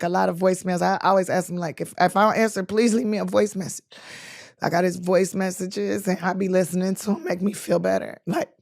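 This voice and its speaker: A woman telling stories in casual talk, animated and laughing, acting out the voices of people in her stories. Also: mid-range voice, gravelly, no room sound, clean studio sound. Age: 20s. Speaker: guest. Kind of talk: casual storytelling.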